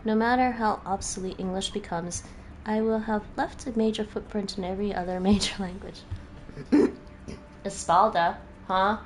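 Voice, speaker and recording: A woman's voice: mid-range voice, fairly even intonation, normal speed. A woman with a Midwestern American accent chatting casually with her stream while playing a game, musing aloud and answering chat. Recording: noisy background hum.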